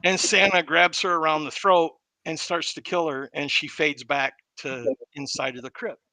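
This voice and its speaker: A man, a podcast host, casually retelling a movie plot as an animated storyteller. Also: fairly high pitch, moderate pace, no echo, rough recording. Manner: animated storyteller who acts out the quotes.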